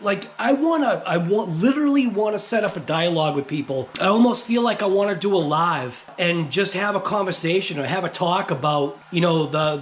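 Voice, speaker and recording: A man with a New England accent, hosting a casual, rambling vlog about RC cars, chatty and quick to laugh. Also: high voice, slight background noise. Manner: chatty, laughs often, many fillers. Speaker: RC car channel host.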